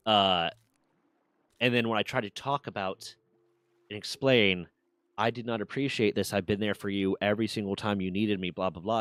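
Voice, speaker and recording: A man's voice: on the low side, fairly bright tone, no echo. A man streaming, casually telling a personal story with candid swearing and mock voices for others.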